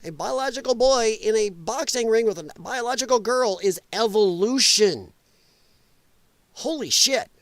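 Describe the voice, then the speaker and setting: A man's voice: high-pitched, animated, measured pace, fairly bright tone, no echo. A man hosting a live political commentary stream, reacting bluntly and profanely to clips and laughing often.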